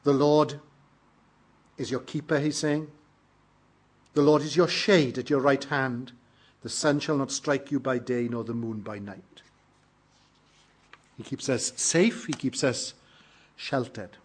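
A man's voice: medium pitch, slow pace, long pauses, husky. A British man preaching a sermon, reading scripture and explaining it in an earnest, emphatic way. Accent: British English. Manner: earnest, emphatic preaching with sudden loud peaks.

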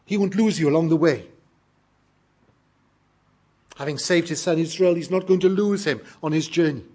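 A British man preaching a sermon with earnest emphasis, reading scripture aloud and explaining it. His voice is husky and sits slightly high for a man. He pushes hard on key lines, now and then rising to a loud peak. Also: moderate pace. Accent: British English.

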